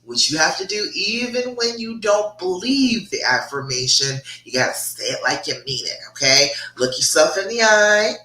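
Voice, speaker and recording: A woman's voice: on the low side, animated, normal speed, few pauses, pushed and bright. A woman, a relationship coach talking live to viewers, encouraging and checking in with "okay?". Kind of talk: live-stream coaching talk. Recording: echoey room.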